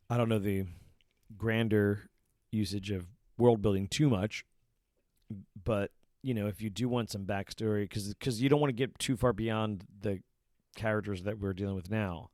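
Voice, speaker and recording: A man's voice: fairly low pitch, steady tone, normal speed, pauses often, a little mellow, dry recording, studio quality. A man co-hosting a podcast in casual chat, rambling and swearing freely. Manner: rambling, profane, quotes characters in put-on lines. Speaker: podcast co-host.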